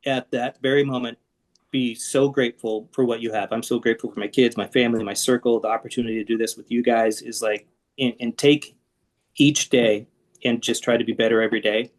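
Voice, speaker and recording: A man's voice: mid-range voice, a little fast. A middle-aged man, a guest on an interview podcast, talking candidly and with self-deprecating humor about his past. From Seattle area. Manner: frank and self-deprecating, with lively asides.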